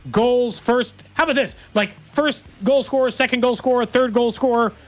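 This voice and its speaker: A man's voice: very high voice, steady tone, normal speed. A man hosting a sports radio show, running through trending headlines in a jokey, casual way.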